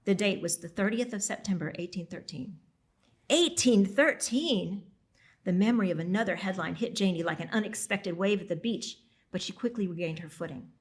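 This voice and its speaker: A woman author reading her own novel aloud at a library event, steady, with the odd slip and apology. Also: on the low side, fast talker, husky.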